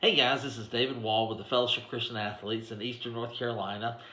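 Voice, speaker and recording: A man's voice: mid-range voice, level tone, quick pace, sharp tone. A man giving an informal devotional in a folksy, conversational storytelling manner. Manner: folksy, conversational, lots of "you know". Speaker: ministry director giving a devotional. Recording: echoey room.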